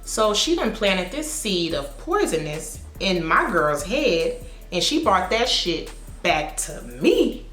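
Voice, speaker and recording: A woman hair stylist telling a story at home in a sassy, blunt, animated way. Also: on the low side, takes it slowly. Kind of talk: casual storytime vlog. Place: her home. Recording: echoey room with faint music.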